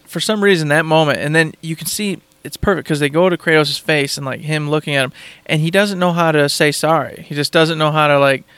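A man's voice: fairly high pitch, fairly quick, a bit bright, smooth, dry recording. A man in casual chat, raving about a game in an enthusiastic, rambling way and repeating himself.

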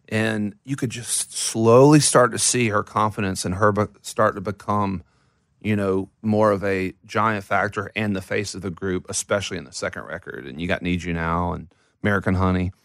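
A man's voice: lowish voice, normal speed, no echo, clean studio sound. A man answering interview questions in a loose, rambling way, full of restarts and fillers. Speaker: band member interviewee. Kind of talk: casual interview talk.

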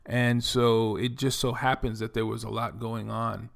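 Middle-aged man, New York accent, gravelly, casual reflective storyteller. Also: mid-range voice, flat delivery, unhurried. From the Bronx, New York. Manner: reflective, many fillers like "you know" and "um". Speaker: former Air Force veteran and doctor telling his story. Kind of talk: casual personal monologue.

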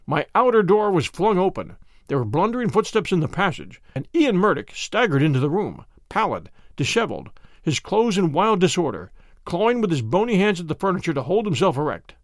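Lively male storybook narrator. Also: high voice, no echo, studio quality. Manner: measured, dramatic reading. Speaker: audiobook reader. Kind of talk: scripted first-person story narration.

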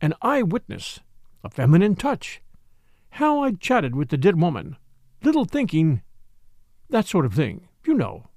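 A scheming, effusive society lady, put on by a male reader in a storybook reading. She talks high and fluttery, with swooping, animated pitch. The sound is close and dry. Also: a little slow, creaky, pauses often, no room sound, full character voice. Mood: gushing. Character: gushing scheming society lady, middle-aged.

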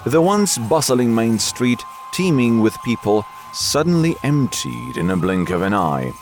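A man narrating a martial arts novel as an audiobook in an expressive storytelling manner. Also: mid-range voice, measured pace, soft background music.

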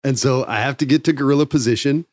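Animated man telling a story, dry sound. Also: medium pitch, quick pace, dry recording. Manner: animated, swears freely, acts out quotes. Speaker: former wrestling TV writer. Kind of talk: casual storytelling.

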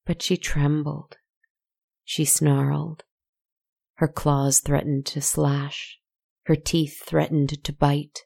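Female storyteller, deep and dark-toned, even delivery, hushed asides to the listener. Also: creaky. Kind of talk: scripted story narration. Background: faint music.

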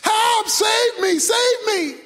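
A man voicing a terrified man dangling over a ravine, shouting frantic pleas for help. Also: extremely high pitch, fairly even intonation, slow, pitched above the performer's own voice. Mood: panicked. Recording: long reverb from a large hall.

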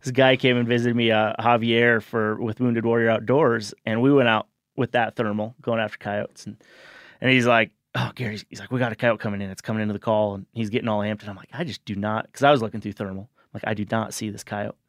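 A man's voice: lowish voice, little pitch movement, brisk, fairly bright tone, no room sound, clean studio sound. A man on a podcast telling a story loosely and casually, with many fillers like "like" and "you know.". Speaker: podcast guest.

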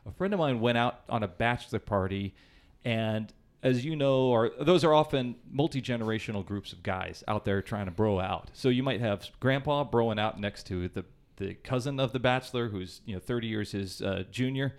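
A man hosting a casual podcast chat, eager and quick to react. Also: medium pitch.

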